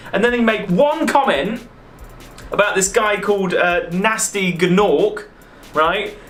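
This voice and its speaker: A man's voice: high-pitched, a bit bright, reverberant, a little hiss or hum. A man hosting a game channel, telling a game's backstory in a chatty, jokey voice-over. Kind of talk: retrospective voice-over narration.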